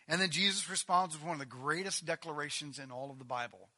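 Male preacher, high-pitched, brightly voiced, animated sermon delivery with rising emphasis. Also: fast talker, few pauses. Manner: animated, reading scripture with rising emphasis and asides.

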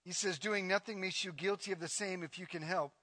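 A man preaching a sermon on scripture, dramatic and emphatic, swinging from loud repeated lines to low murmurs and acting out quoted voices. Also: fairly even intonation, brisk, dry recording.

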